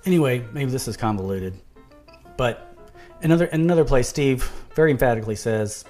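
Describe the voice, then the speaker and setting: A man's voice: mid-range voice, lively intonation, brisk, mellow, soft background music. A man in an argumentative video monologue who reads quotes aloud, restarts words and turns sarcastic. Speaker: video commentator.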